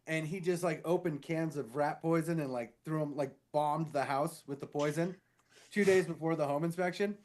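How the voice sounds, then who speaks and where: A married man co-hosting a casual podcast, telling a rambling story full of swearing and quick impressions of other people. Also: a little high. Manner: rambling, animated, swears freely; mimics others with shifted voices in stories. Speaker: podcast co-host.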